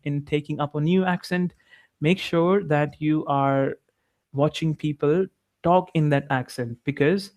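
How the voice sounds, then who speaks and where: With a fairly high, slightly mellow voice, a young Indian English-accented tutor encourages his student through a one-on-one English lesson on video. He stays upbeat and uses plenty of "like" as filler.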